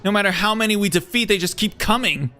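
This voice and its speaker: A streamer voicing a flustered, whiny young girl from a game, high and squeaky, over background music. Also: quick pace, pushed and bright, lightly acted. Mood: frazzled.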